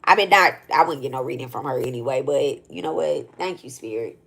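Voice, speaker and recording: A woman's voice: rumbling low, brisk, vocal fry, fairly bright tone, slight background noise. A woman telling a personal story in a blunt, profane, rambling way, as a spiritual content creator talking to her viewers. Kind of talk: casual storytelling rant.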